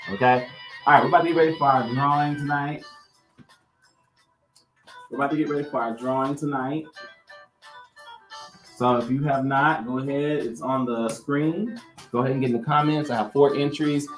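Live-sale host: man, mid-pitched, chatty and upbeat, faint music underneath. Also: fairly even intonation, normal speed, pauses often. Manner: chatty and upbeat, talks straight to viewers. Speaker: live-stream jewelry seller and host. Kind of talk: live-stream sales chat.

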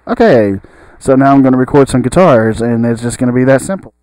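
Mellow-voiced man talking through a tutorial. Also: medium pitch, animated, a little fast, poor audio. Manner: thinks aloud, trailing off and restarting sentences. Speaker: music tutorial host. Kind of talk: casual spoken tutorial walkthrough.

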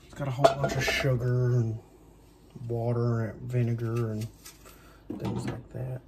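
A man's voice: mid-range voice, flat delivery, measured pace, background noise. A man cooking in his home kitchen, chatting in a rambling, self-deprecating way with plenty of asides. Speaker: home cook. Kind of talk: casual cooking vlog chat.

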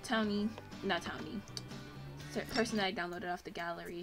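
A woman's voice: on the low side, fairly even intonation, a little fast, over loud music. A young woman hosting a casual let's play, gushing and chatty as she comments on her game.

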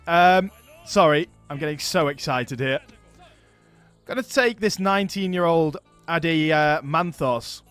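A man hosting a strategy game let's play, chatting casually and thinking aloud, getting excited over his battles. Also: on the high side, measured pace, clean tone, soft background music. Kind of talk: casual gameplay commentary.

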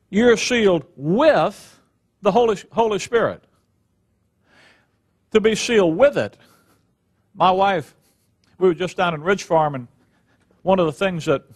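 An older man teaching the Bible in a sermon, reading scripture slowly and with emphasis, then drifting into folksy personal stories. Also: sits high.

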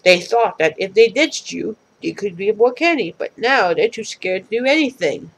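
A woman's voice: mid-range voice, lively intonation, moderate pace, slightly rough, low-quality recording. A woman reading aloud and voicing a big furry horned monster who is shy and earnest. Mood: confiding.

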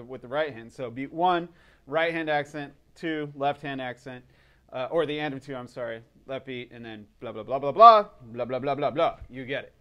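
A man teaching drums in a casual video lesson, relaxed and upbeat, counting in before he plays. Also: on the high side. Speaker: drum teacher.

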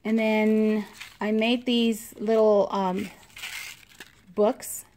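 A woman vlogger casually showing her handmade craft pieces, talking unhurriedly with frequent ums and pauses and gushing over the small details. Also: medium pitch, level tone, mellow. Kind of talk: casual show-and-tell.

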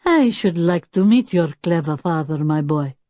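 Woman voicing a cunning, flattering foreign man. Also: on the low side, measured pace, no echo, clean studio sound. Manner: flattering, foreign-sounding speech. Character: cunning, smooth-talking foreign older man.

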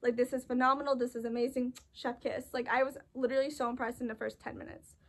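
Excitable high-voiced young woman gushing. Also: fast talker, slight background noise. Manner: gushing, excitable, lots of fillers. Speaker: movie reaction host. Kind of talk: casual chat.

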